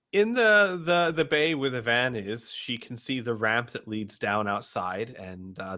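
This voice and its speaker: Unhurried man narrating a tabletop game. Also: mid-range voice, pushed and bright. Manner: unhurried, halting narration with fillers. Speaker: game master.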